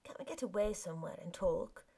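A woman's voice: lowish voice, lively intonation, fairly quick, gravelly, dark tone, breathy edge, full character voice. A woman voicing a shabby middle-aged countryman who speaks curtly and brooding, choking on his words. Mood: shaken. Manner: curt, choked, brooding.

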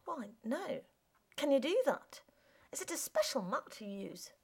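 A woman's voice: high voice, sing-song, unhurried, darkish tone, husky, voice pushed up, exaggerated voice. A woman playing a polite, formal new boy. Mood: curious, polite. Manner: formal, courteous phrasing. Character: polite foreign new boy, dreamy storyteller.

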